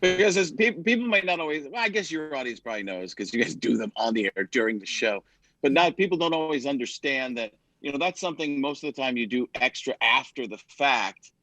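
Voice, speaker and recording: A man's voice: medium pitch, brisk, no echo, low-quality recording. A man, a comedian guest, telling stories in casual chat and dropping into character voices. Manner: animated, slips into character voices mid-story. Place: lives in Arizona.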